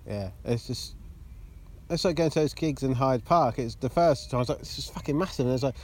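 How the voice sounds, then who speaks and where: A man's voice: mid-range voice, brisk, a little mellow. A man co-hosting a podcast in casual chat, sweary and chatty, agreeing often. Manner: sweary, chatty, lots of yeahs and restarts. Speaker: podcast co-host.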